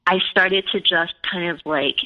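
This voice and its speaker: A woman's voice: fairly low pitch, a little slow. A woman in her forties, a podcast guest, telling her own story in a casual, rambling way full of fillers. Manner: rambling, heavy use of filler "like". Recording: echoey, muffled phone-like call audio.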